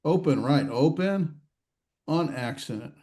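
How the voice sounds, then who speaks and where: A man lectures a grammar class in a warm, mellow voice. He stops often with "uh" and restarts his phrases. He keeps throwing questions at his students. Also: on the high side, animated. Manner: halting, many fillers and restarts, quizzing students. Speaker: Hebrew grammar instructor. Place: classroom or online class session.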